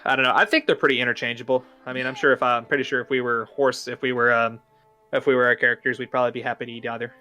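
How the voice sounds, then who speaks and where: A man's voice: medium pitch, level tone, racing, sharp tone, soft background music. A young man hosting a casual online chat, hesitant and rambling, with many fillers and restarts. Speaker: podcast host ranking cartoon foods.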